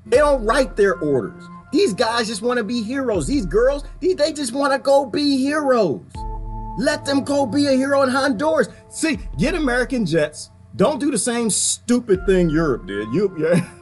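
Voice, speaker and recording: Animated rambling man with faint music. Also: very high voice, moderate pace. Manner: animated, rambling, laughs often and slips into quoted voices. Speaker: vlogger. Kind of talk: casual ranting monologue.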